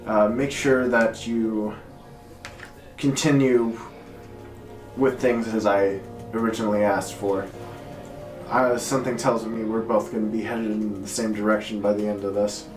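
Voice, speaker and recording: A man's voice: on the low side, little pitch movement, unhurried, a little mellow, natural voice. A man playing a weary, grim king. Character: weary, grim male king giving orders. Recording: echoey room, music behind.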